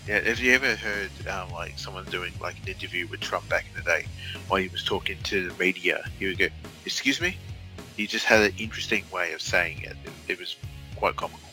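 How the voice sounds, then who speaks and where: An Australian man co-hosting a casual podcast, his low voice ringing very bright and forward. He rambles along playfully with plenty of fillers. Faint music sits behind him. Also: fast talker. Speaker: podcast co-host.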